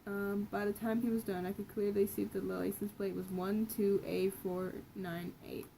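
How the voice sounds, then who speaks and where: A woman's voice: medium pitch, flat delivery, normal speed, vocal fry, mellow, a little hiss or hum, rough recording. A young woman casually reading her own old story aloud, often correcting herself and commenting on the writing.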